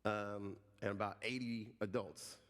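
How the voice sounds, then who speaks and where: A man's voice: lowish voice, measured pace. Joking pastor in his forties, echoing hall. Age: 40s. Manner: animated, joking storyteller. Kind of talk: sermon. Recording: reverberant hall.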